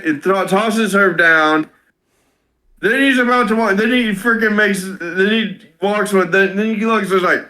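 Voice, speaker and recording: A man co-hosting a casual review chat, recounting events haltingly. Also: high-pitched, bright, forceful tone. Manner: halting, many fillers and restarts while recounting. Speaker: co-host reviewing wrestling.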